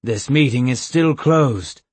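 A man's voice: medium pitch, slow pace, slightly rough, no echo. A man voicing a flustered board chairman. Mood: alarmed. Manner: alarmed, protesting.

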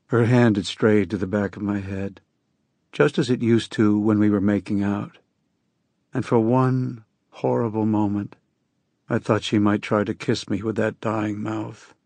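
A man narrating a novel in the first person with a slow, somber, measured reading. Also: fairly low pitch, fairly even intonation, a little mellow, dry recording. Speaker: audiobook narrator.

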